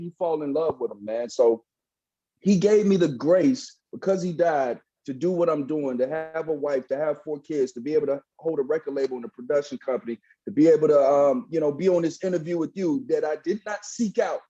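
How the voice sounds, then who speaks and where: This podcast guest is a thirties-aged former pastor turned hip hop artist, telling his faith story casually and with a preachy edge, tossing in "bro" often. He speaks a little fast in a mellow voice that sits on the high side. The audio sounds dull.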